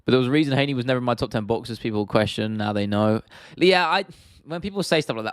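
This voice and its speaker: Young london guy on a livestream, reading chat and rambling, lowish voice, dry close mic. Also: racing, no room sound. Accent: London English. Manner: chatty, reads and answers viewer comments, frequent restarts and "man", "bro", "mate". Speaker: livestream host.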